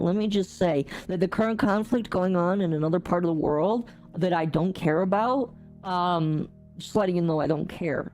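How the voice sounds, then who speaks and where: A woman gaming streamer chatting casually to her live chat, ranting with big jumps in pitch and frequent laughter. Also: a little mellow.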